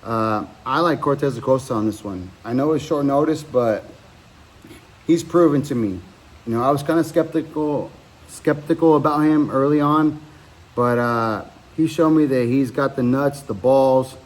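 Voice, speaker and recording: A man hosts his own podcast and talks through betting picks alone in a loose, casual way. He rambles, stops to correct himself and fills the gaps with ums and uhs. His voice sits at a middle pitch for a man. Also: normal speed. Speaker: podcast host giving fight picks. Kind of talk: casual solo betting breakdown.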